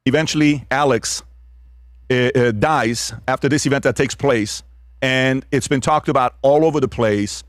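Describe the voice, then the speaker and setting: Halting man hosting news reaction. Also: medium pitch, dry recording, studio quality. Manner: halting, with many uh fillers, reading out news stories. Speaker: show host.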